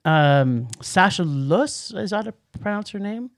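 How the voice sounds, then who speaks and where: A man's voice: high voice, lively intonation, a little slow, soft background music. A man co-hosting a movie podcast in casual chat, rambling with restarts and laughs. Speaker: podcast co-host.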